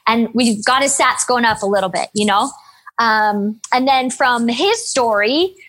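A young woman with a high, bright-sounding pitch tells a story about her nursing work in an upbeat, energetic way. Her delivery is expressive and lively, with the easy rhythm of casual storytelling. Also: measured pace. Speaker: emergency room nurse.

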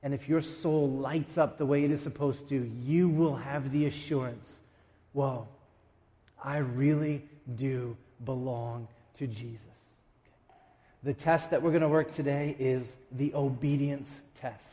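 A man preaching a sermon as a pastor, emphatic, with dramatic pauses and quick asides. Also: fairly high pitch, steady tone, warm tone, big-room sound. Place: church sanctuary.

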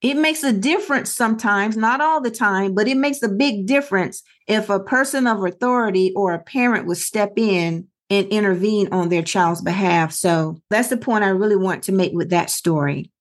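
A woman's voice: medium pitch, moderate pace, few pauses. A middle-aged woman co-hosting a podcast, telling a story in an earnest, conversational way and acting out the other people's lines. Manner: earnest storytelling with quoted dialogue. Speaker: podcast co-host.

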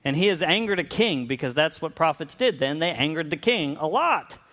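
A man's voice: fairly high pitch, lively intonation, moderate pace, pushed and bright. Conversational man preaching a sermon. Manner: conversational, with frequent restarts and acted-out quotes.

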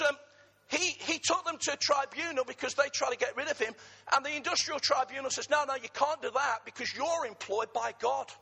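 A middle-aged man from England preaching a sermon, husky in tone, with humorous asides to the congregation. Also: very high voice, sharp tone, big-room sound. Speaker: pastor.

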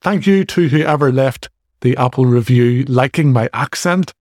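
A man's voice: mid-range voice, measured pace, darkish tone, dry recording. Man, 40s, Northern Irish accent, podcast host, fitness coach, casual and direct, dry close recording. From Northern Ireland. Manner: casual, direct, jokey asides. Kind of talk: solo podcast talk.

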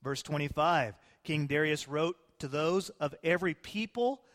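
A man, a pastor, telling a scripture story in a sermon, dramatic and swinging between loud and hushed. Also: a little high, unhurried. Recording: long hall reverb.

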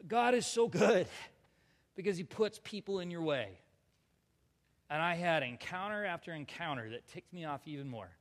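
A man preaching a personal testimony, animated and self-mocking, acting out his own lines. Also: fairly high pitch, normal speed. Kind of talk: storytelling sermon. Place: large hall before a live audience. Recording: long reverb of a large hall.

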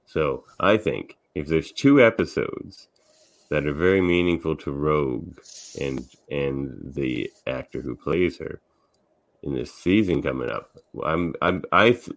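An easygoing man hosting a podcast, with an extremely deep, low voice. He chats casually and lets his sentences trail off as he thinks aloud. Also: vocal fry. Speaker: podcast host. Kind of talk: casual chat.

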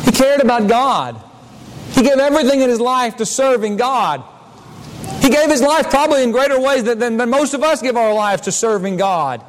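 A man preaching a sermon as pastor, talking earnestly and often repeating words as he builds to a point. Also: high voice. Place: church sanctuary. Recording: long reverb of a church hall with faint noise.

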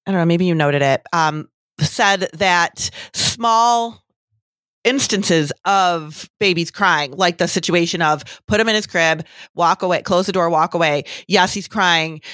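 A middle-aged woman who has a grown daughter, co-hosting a casual parenting chat in a relaxed, storytelling way. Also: fairly low pitch, no room sound.

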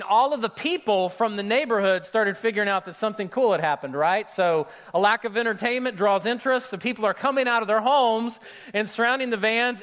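A man preaching a sermon, opening with a lively personal story and speaking straight to his congregation. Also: high-pitched. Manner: storytelling, animated, addresses crowd directly. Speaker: pastor.

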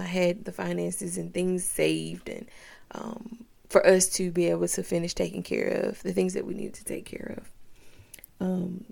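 A young woman hosting a podcast, telling a personal story in an expressive, emotional, animated way. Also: on the low side, gravelly. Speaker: podcast host.

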